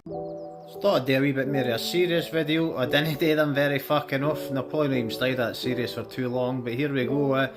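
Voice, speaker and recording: A man's voice: mid-range voice, steady tone, brisk. A Scottish man chatting bluntly in a casual vlog about training his dog, swearing freely. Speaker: dog owner and trainer vlogger. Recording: background music under voice. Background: music.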